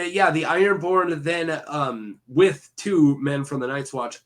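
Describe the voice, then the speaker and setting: A man's voice: on the high side, fairly bright tone. A man casually retelling fantasy lore for a video, rambling with many fillers and self-corrections and throwing in jokey asides to the viewer.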